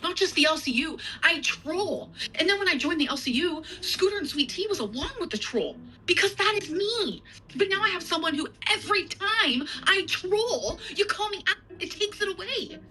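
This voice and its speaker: High, bright-voiced woman arguing defensively. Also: lively intonation, normal speed, a little hiss or hum, poor audio. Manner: defensive, swearing, repetitive. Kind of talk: defensive argument on a live stream.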